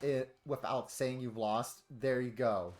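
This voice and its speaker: A man's voice: medium pitch, measured pace, a little mellow. A man chatting casually on a game stream, joking and swearing as he tells stories. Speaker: streamer co-host.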